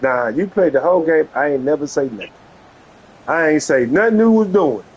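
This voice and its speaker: A man argues with an opponent over a video game, and his agitation shows as he talks over the other side again and again. His voice is husky and sits high, with a lively, swooping delivery. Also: normal speed, muffled recording. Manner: agitated, keeps repeating "hold on". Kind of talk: heated argument over voice chat.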